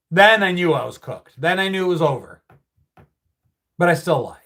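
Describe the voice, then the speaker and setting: Middle-aged man, livestream host, relaxed storyteller, a touch high-voiced, swears freely. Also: moderate pace. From United States. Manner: storytelling, reads out viewer comments, swears casually. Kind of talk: casual livestream chat.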